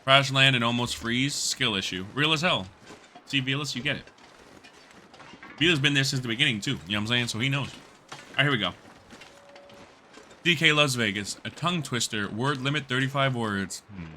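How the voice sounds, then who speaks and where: A man's voice: mid-range voice, brisk, pauses often, bright, forceful tone, slight background noise. A man streaming a video game, bantering loosely with his chat, swearing and laughing often. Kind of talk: casual gaming livestream chat.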